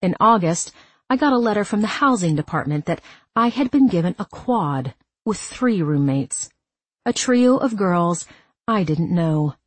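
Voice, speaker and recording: A woman reading a first-person story aloud as an audiobook narrator, calm and measured. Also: on the low side, husky, no room sound.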